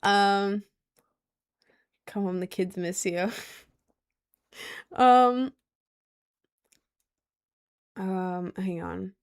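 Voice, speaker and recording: Young woman streamer, casual and slangy, mid-pitched voice, chatting from a chair at home. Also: drawn-out words, long pauses, clean tone. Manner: chatty, slangy, answers chat with "bro". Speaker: livestreamer reading chat. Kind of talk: casual livestream chat. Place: indoors at home, seated in a chair.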